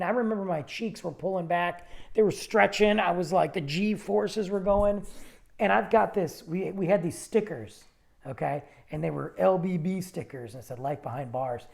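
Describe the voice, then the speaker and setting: A man hosting a podcast, telling a personal story in a rambling, animated way, often cutting himself off mid-sentence. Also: sits high, creaky. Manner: rambling, animated, self-interrupting. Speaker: podcast host. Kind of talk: casual storytelling monologue.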